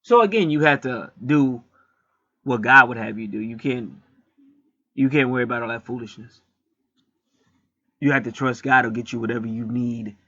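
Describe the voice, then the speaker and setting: Casual spiritual vlogger, rambling and emphatic, swears; bright voice, dry, lo-fi sound. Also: male voice, medium pitch, gravelly, no echo. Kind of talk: casual film retelling and preaching.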